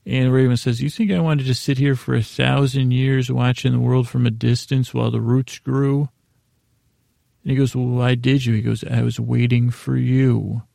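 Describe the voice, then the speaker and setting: Gravelly low-key man recapping a show. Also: flat delivery, normal speed, warm tone, no echo, clean studio sound. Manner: rambling, paraphrases scenes loosely with fillers. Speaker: podcast host recapping an episode. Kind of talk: casual episode recap.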